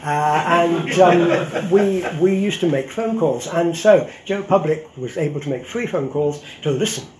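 A man's voice: a little high, a little slow, few pauses, darkish tone, a little hiss or hum. An older man, a historian, giving a public lecture in a wry, conversational way with frequent ums and asides. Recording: roomy hall echo.

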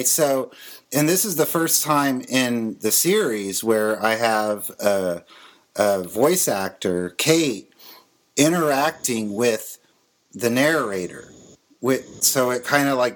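A man's voice: medium pitch, slow pace. A man hosting a podcast chat, rambling and hesitant with lots of fillers. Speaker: podcast host and producer. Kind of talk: casual chat.

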